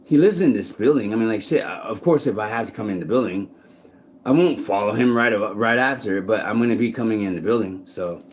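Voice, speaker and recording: A vlogger with a lowish voice talks casually to the camera at a slightly fast clip, delivering a rambling, profane monologue full of restarts. He's recorded outdoors in a city park.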